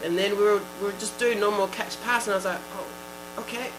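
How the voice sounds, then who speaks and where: A woman's voice: mid-range voice, fairly quick. New Zealand woman telling stories over a hum. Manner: storytelling, lively, acts out quotes, frequent "like". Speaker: guest, rugby player. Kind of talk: casual interview chat. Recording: steady electrical hum behind.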